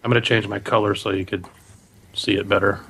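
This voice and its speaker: A man's voice: fairly low pitch, level tone, quick pace, sharp tone, slightly rough. A man serving as game master, narrating a tabletop game in a casual, ad-libbed way with frequent laughs.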